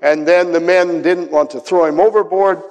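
A man's voice: fairly high pitch, fairly even intonation, normal speed. Dramatic preacher man in reverberant hall. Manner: dramatic, acts out quoted voices, drops to soft asides. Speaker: pastor. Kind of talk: sermon.

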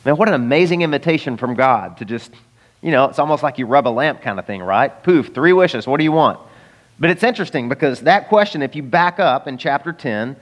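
A man's voice: medium pitch, animated, moderate pace, big-room sound. A man preaching a sermon in a conversational way, acting out the voices of the people he quotes. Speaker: pastor.

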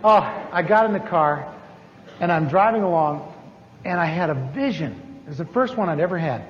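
A man preaching a sermon as a story, animated and acting out the voices of the people in it. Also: normal speed. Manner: animated, acts out dialogue with big pitch swings. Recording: echoey hall, dull lo-fi sound with faint noise.

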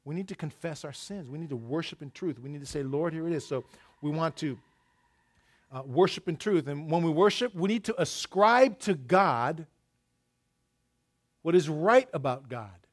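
A middle-aged man preaching a sermon, telling stories and swinging between loud emphasis and hushed asides. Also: on the high side, lively intonation, normal speed. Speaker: pastor.

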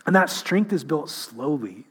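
A middle-aged male pastor with a husky, slightly raspy voice sitting a bit high for a man. He preaches through humorous, self-mocking stories and then turns earnest. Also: sing-song, unhurried, a bit bright. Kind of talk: sermon.

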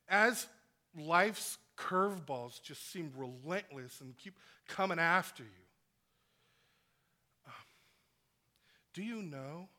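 Bright-voiced preaching man, unhurried. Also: on the high side. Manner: earnest preaching, swings between loud emphasis and hushed near-whispers. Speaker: pastor. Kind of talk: sermon.

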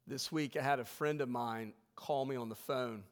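A man preaching a sermon to his congregation, emphatic, swelling loud and then dropping low. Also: steady tone, moderate pace, big-room sound. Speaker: pastor. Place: church sanctuary.

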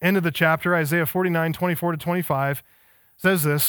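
A man with a fairly high voice delivers a sermon as pastor, driving his points home with emphatic, stacked phrases. The sound is close and dry, with little room echo. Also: fairly even intonation, fairly quick, a bit bright, smooth. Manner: emphatic, building intensity with repeated phrases. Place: church.

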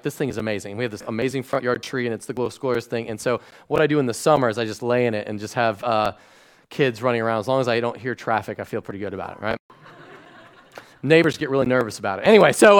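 A man, a pastor preaching a sermon to a congregation, acting out family stories with lively swings and falling soft and hushed when he turns reflective. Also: mid-range voice. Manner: animated storytelling, acting out his own shouting at bedtime. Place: church stage before a congregation.

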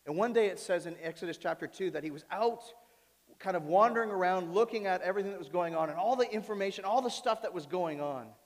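A man's voice: high voice, fast. Man preaching in a reverberant hall. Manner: dramatic, swings from soft asides to loud pleading. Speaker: pastor. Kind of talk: sermon. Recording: long reverb of a large hall.

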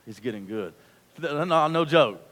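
A man in his thirties preaching a sermon, telling a family story and building to loud, fervent preaching. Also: fairly high pitch, animated, moderate pace. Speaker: pastor. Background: guitar music.

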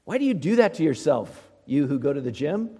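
A man's voice: on the high side, big pitch swings, fairly quick, mellow, breathy edge, big-room sound. A male pastor preaching a sermon in a conversational way, often putting rhetorical questions to his listeners.

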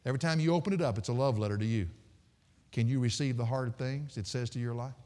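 A man preaching a sermon as pastor, telling folksy stories with frequent laughter and sudden swings from soft to loud. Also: mid-range voice, fast, big-room sound.

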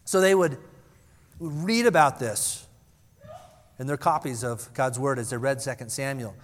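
A man's voice: medium pitch, a little slow. A man preaching an earnest expository sermon, reading scripture aloud and explaining it to his congregation. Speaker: pastor. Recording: long reverb from a large hall.

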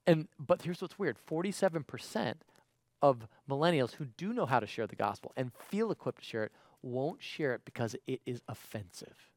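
Emphatic preacher, dry close sound. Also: male voice, medium pitch, animated, moderate pace, dry recording. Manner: conversational and emphatic, swinging between loud exclamations and quiet pleading. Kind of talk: livestreamed sermon.

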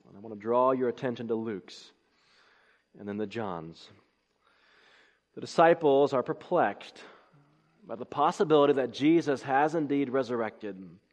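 A man's voice: mid-range voice, darkish tone. A man preaching a sermon, reading scripture and building to emphatic, rising exclamations. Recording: long hall reverb.

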